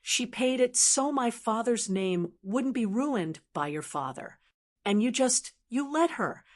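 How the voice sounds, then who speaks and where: A woman voicing an angry grown son who confronts his in-laws, speaking with quiet bitterness that turns into raised accusation. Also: very high voice, lively intonation, a little slow. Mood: bitter anger.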